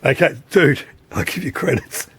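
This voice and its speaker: A man's voice: a little high, animated, moderate pace, fairly bright tone, breathy edge, dry recording. Rambling repairman, dry sound. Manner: rambling and repetitive, often says "you know what I mean"; blunt and swears freely. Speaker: repair technician. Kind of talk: casual repair explainer.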